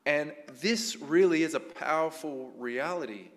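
A male pastor with a fairly high voice delivers a sermon in a relaxed, conversational manner. He keeps turning to the congregation with questions. A long reverb from the church hall trails each phrase. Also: unhurried.

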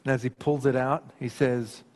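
A male pastor gives a lively, conversational sermon. His voice sits at a medium pitch. It rings out in a large hall with a long echo. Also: moderate pace. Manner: conversational, animated, with personal anecdotes.

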